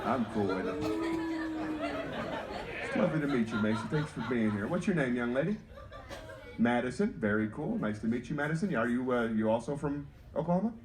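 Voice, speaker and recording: A man's voice: mid-range voice, brisk, pauses often, a crowd in the background. A man from North Carolina doing clean stand-up on a cruise ship stage, teasing the audience and chatting with kids. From North Carolina, USA. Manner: animated, teasing audience banter. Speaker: stand-up comedian.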